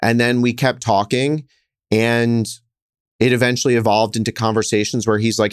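A man in his thirties, a hotel investor, telling stories in a lively, conversational way, speeding up and getting louder as he acts out scenes. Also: mid-range voice, smooth, no echo, studio quality. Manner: animated, quick storyteller who gets louder acting out scenes. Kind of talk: conversational interview storytelling.

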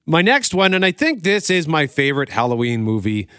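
A man's voice: fairly high pitch, very animated, fairly quick, a bit bright, smooth. Chatty man in his forties telling stories. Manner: chatty, storytelling, laughs often. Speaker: radio show host reviewing movies. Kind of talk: casual chat.

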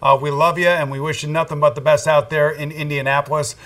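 A man's voice: fairly high pitch, little pitch movement, fast, a bit bright. A man in his sixties hosting a casual sports interview, friendly and teasing with his guest. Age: 60s. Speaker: host.

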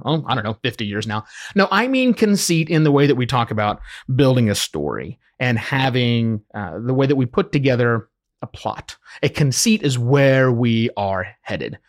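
A man in his fifties, a podcast consultant, giving an emphatic solo teaching talk built around examples from his clients. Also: mid-range voice. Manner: emphatic, animated explainer using client examples.

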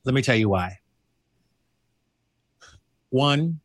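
Animated storytelling man, dry close mic. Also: normal speed, no room sound. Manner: animated storyteller, high mocking impressions of friends. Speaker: podcast co-host. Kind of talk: casual chat.

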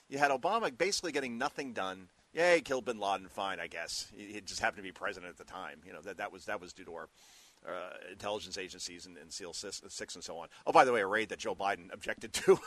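A man's voice: on the low side, a bit bright. A man guest hosting a talk radio show, riffing sarcastically and taking calls. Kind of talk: talk radio monologue and call-in.

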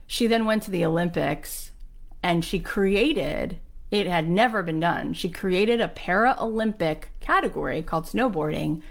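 A woman's voice: fairly low pitch, gravelly. Passionate woman telling stories. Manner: passionate storytelling with acted-out quotes; emphatic. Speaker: podcast host. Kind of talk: motivational monologue.

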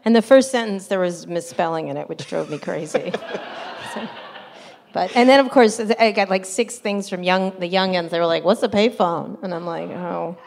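Animated woman telling stories with laughs. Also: on the low side, normal speed, vocal fry. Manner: animated, laughing asides, acts out quotes. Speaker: interview guest, journalist. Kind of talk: casual storytelling interview.

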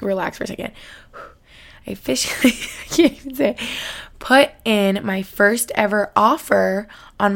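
Bubbly twenty-something woman with vocal fry. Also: mid-range voice. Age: 20s. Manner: bubbly and excitable, lots of filler "like". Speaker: podcast host. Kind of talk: casual chat.

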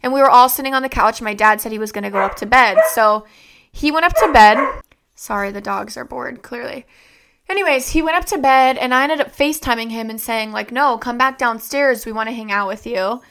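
A woman's voice: on the high side, fairly quick, noisy background. A young woman vlogger telling a personal story in a rambling, conversational way, full of fillers and restarts.

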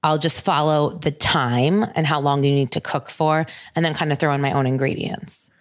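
A woman co-hosting a podcast, casual and upbeat, with quick fillers. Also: low-pitched, fairly even intonation. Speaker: podcast co-host.

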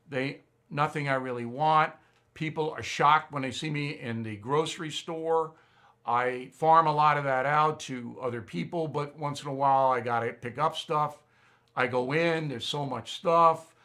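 A man hosting a show, telling an animated, indignant story and acting out both sides of the exchange. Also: a little high. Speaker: show host. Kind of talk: animated anecdote monologue.

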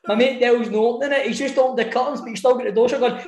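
High-voiced sweary Scottish man. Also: very fast, roomy sound, background noise. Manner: sweary, animated storytelling. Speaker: podcast co-host. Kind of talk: casual chat.

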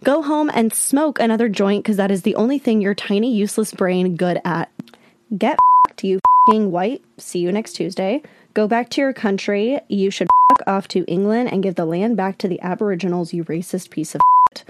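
A woman reading aloud the messages of a rude, abusive male scam guest, slowly and a bit higher than her usual voice. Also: natural voice. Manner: slow, slightly raised reading of quoted messages.

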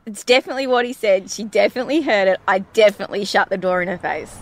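A woman's voice: mid-range voice, quick pace, dry recording. A woman co-hosts a chatty podcast, telling anecdotes with lots of energy and acting out other people's lines. Her voice sounds dry and close, with no room around it. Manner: animated storyteller, acts out quotes. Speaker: podcast co-host. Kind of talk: casual chat.

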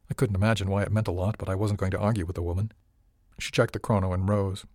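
A man reading a first-person audiobook narration in an even, wry manner, close to the mic. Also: sits low, fast, no room sound. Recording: dry close recording.

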